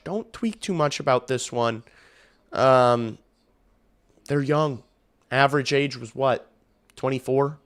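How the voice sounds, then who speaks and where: A hoarse young man streaming live, chatting casually and bluntly to his viewers, profane and rambling. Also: mid-range voice, slow, long pauses. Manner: rambling, blunt and profane, addresses chat directly. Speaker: hockey streamer. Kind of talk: casual livestream chat.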